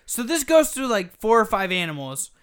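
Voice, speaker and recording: On a gaming podcast, the male co-host swears liberally while telling a lengthy story casually, acting out what people said. He speaks at a moderate pace in a smooth voice that sits high.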